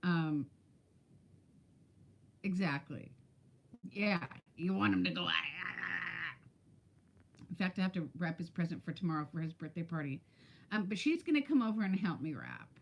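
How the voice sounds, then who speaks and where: A woman's voice: fairly low pitch, sing-song, moderate pace, long pauses, dull audio. A woman in her fifties chatting casually on a live stream, telling stories and greeting viewers by name. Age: 50s. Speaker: weight-loss vlogger.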